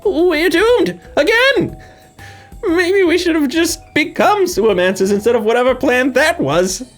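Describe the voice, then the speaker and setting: A man doing a shrill, whiny wizard. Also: expressive, unhurried, faint music behind. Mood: panicked. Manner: shrill, complaining.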